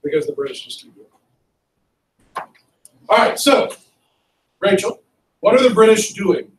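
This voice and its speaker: A male history teacher lecturing a class in a lively, conversational way and asking students questions. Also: high voice, unhurried, slight background noise. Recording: echoey classroom from far off.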